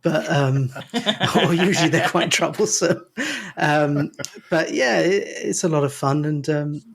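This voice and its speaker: A man's voice: on the high side, measured pace, gravelly. A man, a podcast guest who chats in a hesitant, self-deprecating way. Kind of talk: casual chat.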